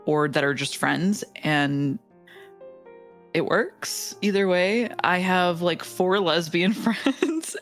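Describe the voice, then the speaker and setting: Woman, low voice, halting speech, repeats words, casual stream guest. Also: faint music behind. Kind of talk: casual chat.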